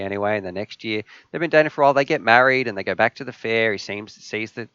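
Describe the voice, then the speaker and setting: A man's voice: fairly low pitch, fast, hardly any pauses, pushed and bright, clear, resonant tone, dry recording. A man hosting a live stream, telling a joke and chatting with viewers in a rambling, jokey way. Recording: slightly dull, dry sound.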